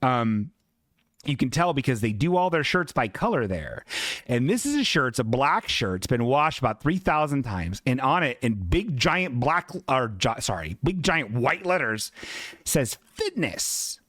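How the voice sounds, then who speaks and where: A man's voice: mid-range voice, big pitch swings, moderate pace, fairly bright tone, no echo, clean studio sound. A man hosting a livestream podcast, riffing in casual, profane, sarcastic rants about viewer submissions. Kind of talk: casual comedic chat reading viewer submissions.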